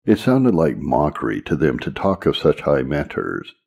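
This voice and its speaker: Man reading a sermon aloud, very low and husky voice, solemn and earnest, muffled lo-fi sound. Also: big pitch swings, moderate pace, a little mellow. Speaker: reader. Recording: dull lo-fi recording.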